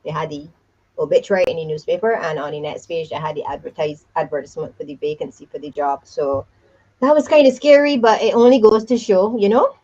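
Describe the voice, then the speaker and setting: A woman's voice: sits low, lively intonation, a little fast, mellow, lo-fi sound. A woman co-hosting a casual live chat show, talking emphatically and repeating key points for effect.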